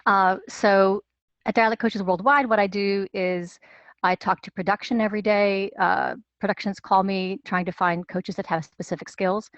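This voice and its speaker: A woman working as a dialect coach answers interview questions in a measured, explanatory way, with fillers and restarts. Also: mid-range voice, fairly even intonation, no room sound, lo-fi sound.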